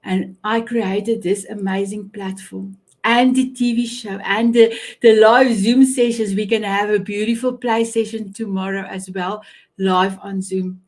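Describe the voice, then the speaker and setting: A woman's voice: medium pitch, a little mellow. A middle-aged woman from Africa, hosting a live online show over a video call in an effusive manner, often repeating herself and restarting. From South Africa. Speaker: host.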